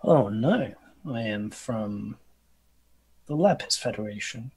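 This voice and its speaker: Husky-voiced polite male player. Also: lowish voice, lively intonation, slow pace, a little mellow, low-quality recording. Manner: polite, courtly in character. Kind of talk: in-character tabletop play.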